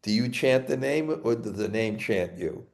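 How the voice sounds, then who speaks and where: A man's lowish, animated voice, darkish and marked by vocal fry, delivers a scripture class in a Brooklyn accent. As a spiritual teacher he stumbles along, repeating words and restarting again and again.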